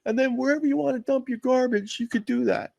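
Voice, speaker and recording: A man voicing a male dump attendant who gives brusque, rapid directions. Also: very high-pitched, steady tone, vocal fry, darkish tone, voice pushed up, full character voice. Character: offhand male dump attendant waving cars in.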